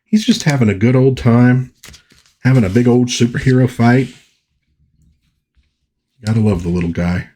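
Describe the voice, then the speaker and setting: A man's voice: mid-range voice, moderate pace, pauses often, mellow, a little hiss or hum. A man chatting casually through a comic book review, rambling and correcting himself as he goes.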